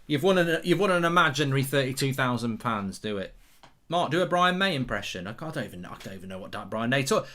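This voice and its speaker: Brief: male streamer, watchalong host, casual and sarcastic, very lively pitch. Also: fairly quick. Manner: rambling, sarcastic, swears and sings along in bursts. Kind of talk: casual live-stream chat.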